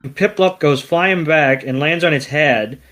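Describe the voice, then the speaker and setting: A man's voice: on the high side, measured pace, fairly bright tone. A man co-hosting a podcast, retelling an episode in loose chat and swearing now and then. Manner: loose, profane storytelling. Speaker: podcast co-host. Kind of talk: casual episode recap chat.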